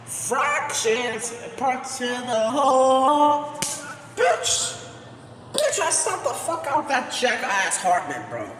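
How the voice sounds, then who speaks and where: Furious foul-mouthed tomcat, a man doing the voice, high and swooping, amateur comedy take, echoey room with long reverb. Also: very animated, slow, few pauses, a crowd in the background, exaggerated voice. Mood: furious ranting. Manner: ranting, swearing, shouting outbursts. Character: foul-mouthed angry male house cat.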